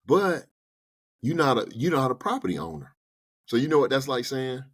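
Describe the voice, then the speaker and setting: A man giving personal finance advice in a casual podcast conversation, talking in an animated, colloquial way and acting out little exchanges with banks. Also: mid-range voice, moderate pace, slightly rough. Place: podcast studio.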